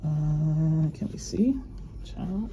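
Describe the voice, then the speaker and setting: Her words come out drawn-out in a low voice as the luxury unboxing vlogger casually shows off new jewelry, chatting, rambling, and laughing frequently. The audio sounds dull, and there's background noise.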